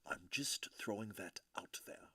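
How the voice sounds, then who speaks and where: A man doing a put-on posh English accent as a prim upper-class Englishman, speaking slowly and softly. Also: lowish voice, lively intonation, slightly rough, in a whisper, voice pushed down, full character voice.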